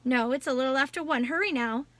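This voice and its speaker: A woman voicing a calm, steady middle-aged father who gives gentle, firm instructions. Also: high voice, fast talker, no room sound.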